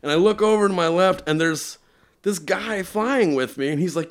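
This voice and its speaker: A man guest on a podcast, telling a long story in a casual, animated way, laughing often and filling with "like". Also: high voice, moderate pace. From Utah.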